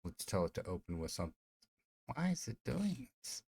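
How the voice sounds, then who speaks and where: A man's voice: medium pitch, wildly swooping pitch, normal speed, gravelly, darkish tone, breathy edge. A man streaming live, chatting casually in a rambling, profane way full of fillers. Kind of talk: casual livestream chat.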